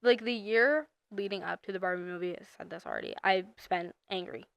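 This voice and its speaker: A woman's voice: medium pitch, a little fast, vocal fry, clean tone, dry recording. 19 yr old girl cohosting a podcast, rambly, says like a lot, dry mic. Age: young adult. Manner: rambling, many "like" fillers, animated bursts. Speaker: podcast co-host. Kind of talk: casual chat.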